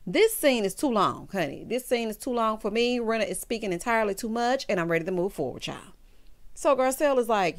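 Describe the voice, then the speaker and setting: A woman's voice: fairly high pitch, lively intonation, brisk. A woman hosting a reality TV recap, giving sassy, emphatic commentary and calling her viewers honey and child. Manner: bursts into loud laughter and exclamations.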